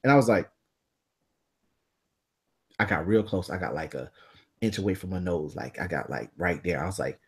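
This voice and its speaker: Animated profane man telling a story. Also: sits low, normal speed, pauses often, slightly rough. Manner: animated, profane, acts out voices. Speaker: podcast co-host. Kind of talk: casual storytelling.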